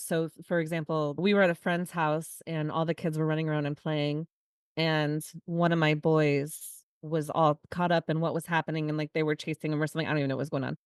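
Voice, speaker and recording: A woman co-hosting a podcast, telling a personal story in a casual, animated way. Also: low-pitched, clean tone, no room sound, studio quality. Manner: animated storytelling, quick asides. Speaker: podcast co-host. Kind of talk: casual conversation.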